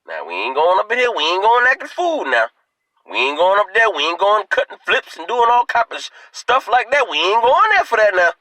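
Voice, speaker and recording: A man's voice: sits high, sing-song, brisk, sharp tone, no echo, voice pushed up, exaggerated voice, rough recording. A man voicing his old grandfather, who scolds and coaxes his grown daughter and keeps repeating "now". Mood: coaxing lecture.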